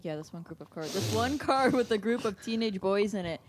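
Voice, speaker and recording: A young woman co-hosting a podcast, telling fast-food job stories in a steady, matter-of-fact casual chat. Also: medium pitch, background noise. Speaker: podcast co-host.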